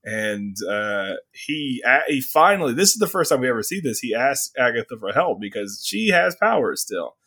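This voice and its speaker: A man co-hosting a casual comic book review podcast, animated, laughing often and acting out characters' lines. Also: mid-range voice, moderate pace, few pauses. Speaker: podcast co-host.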